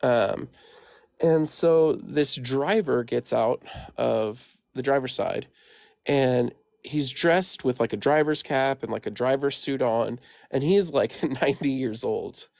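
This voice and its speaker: A Midwestern American man in his thirties calls in to share a paranormal story, telling it casually and rambling with lots of "like" and "um." His mid-range voice is slow, gravelly and slightly mellow, with no echo.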